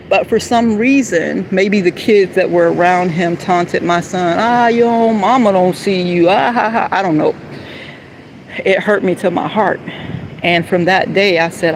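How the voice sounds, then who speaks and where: A woman in an emotional, rambling live-stream monologue, heated and confrontational at times, then soft and apologetic. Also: lowish voice, gravelly, background noise. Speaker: livestreamer.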